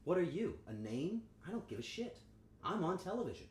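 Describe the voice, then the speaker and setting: Crude, animated male streamer in an echoey kitchen. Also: high-pitched, a little fast, slight background noise. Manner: crude, joking, animated banter with chat. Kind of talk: casual livestream chat while cooking. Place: home kitchen.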